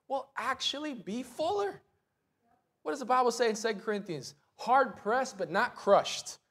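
A man in his thirties with a notably high voice preaches to his congregation. He speaks in a lively storytelling way, acting out voices and sounds as he goes. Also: husky. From United States. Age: 30s. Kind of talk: sermon. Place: church sanctuary.

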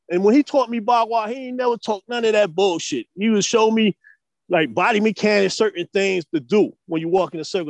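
A man from the US East Coast, a martial arts teacher talking casually in an interview, animated and profane, full of street slang and "you know what I'm saying.". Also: sits high, no echo.

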